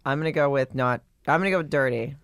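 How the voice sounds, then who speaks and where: Gravelly woman with dry, laid-back quips. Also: rumbling low, fast talker, no room sound. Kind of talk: casual comedic banter.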